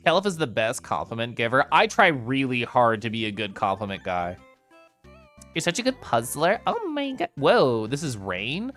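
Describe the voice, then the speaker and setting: A man's voice: mid-range voice, sing-song, normal speed, fairly bright tone, faint music behind. Bubbly, giggly male game streamer. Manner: bubbly, giggly, chatting with viewers. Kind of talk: casual live-stream chat.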